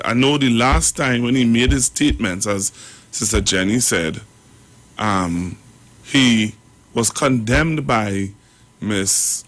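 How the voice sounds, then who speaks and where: A man hosting a radio talk show, rambling and halting as he comments. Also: fairly low pitch, a bit bright. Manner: rambling, halting, full of fillers and restarts.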